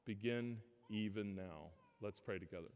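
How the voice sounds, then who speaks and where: A man preaching a sermon as pastor, emphatic, with his pitch rising on key phrases and dropping low when he closes in prayer. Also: normal speed, darkish tone, clean tone. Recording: long reverb of a church hall.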